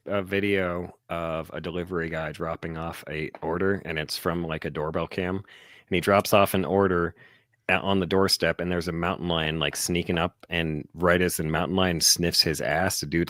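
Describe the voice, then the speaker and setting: A man co-hosting a casual podcast, animated and quick to laugh, acting out the people in his stories. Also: sits low, dry recording, clean studio sound. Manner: animated storyteller, laughs often, acts out voices. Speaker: podcast co-host.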